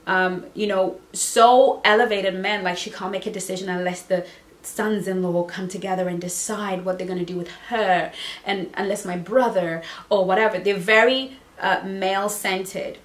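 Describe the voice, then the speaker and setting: A woman's voice: medium pitch, fairly even intonation, moderate pace. A woman from Southern Africa, a dating coach, giving emphatic, playful advice and repeating phrases for effect. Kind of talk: motivational advice video. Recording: roomy echo.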